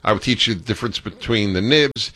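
A man's voice: lowish voice, brisk, sharp tone, no echo. A man hosting a call-in radio talk show, talking in a playful, theatrical, opinionated way.

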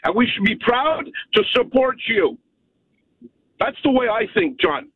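A high-voiced man from Canada rants bluntly down a tinny phone line. He hammers his points home and keeps asking "okay?" The line sounds dry and close. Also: expressive, measured pace, creaky, slightly rough, no echo. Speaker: caller. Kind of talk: phone-in rant. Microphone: telephone.

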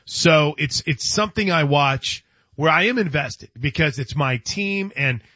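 A man's voice: on the high side, animated, a little slow, sharp tone, no echo, highs cut off. A man hosting a sports radio show, chatting casually and often restarting his sentences. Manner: chatty, stumbles and restarts, laughs.

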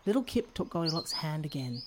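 A woman's voice: sits low, very animated, brisk, noisy background. A woman narrating a children's story in a storybook manner. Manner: warm storybook reading.

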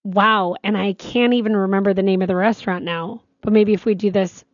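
A woman's voice: medium pitch, a little fast, dry recording, highs cut off. Chatty woman co-hosting a talk show. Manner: chatty, storytelling, animated. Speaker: radio co-host. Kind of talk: casual on-air chat.

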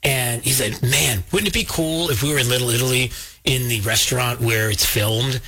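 A man hosting a talk show, telling a story casually and jumping high in pitch when he quotes people. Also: normal speed, sharp tone. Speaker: show host.

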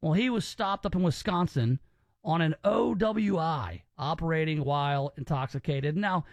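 A man's voice: a little high, moderate pace, no room sound. A man hosting a podcast, giving opinions in casual chat and often repeating words as he restarts. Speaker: podcast host.

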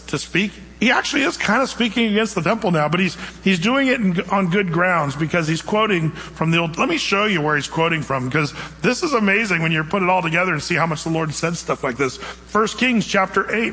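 A man's voice: sits high, animated, normal speed, bright, forceful tone, breathy edge, big-room sound, rough recording. A man preaching a casual, conversational sermon, retelling scripture in everyday speech and asking the congregation questions. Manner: conversational, acts out quotes in casual modern speech. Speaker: pastor.

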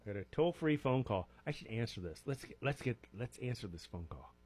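A man's voice: mid-range voice, lively intonation, a little fast, a little mellow, breathy edge. A man in his forties hosting a live radio show, rambling casually through a list of daily observances with self-mocking jokes. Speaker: radio host. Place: radio studio.

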